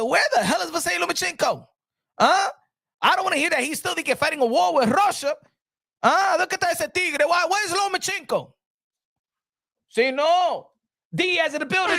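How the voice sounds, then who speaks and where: A boxing show host talks in a very high voice, dry and close to the mic. He is loud and playful, repeating himself in mock outrage and slipping into Spanish. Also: no echo. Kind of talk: animated solo boxing talk.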